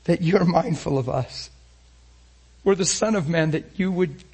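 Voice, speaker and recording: Preaching with fervor, this man alternates between booming emphasis and quiet, almost whispered passages, asking his listeners rhetorical questions. He speaks at a moderate pace in a fairly high, husky voice.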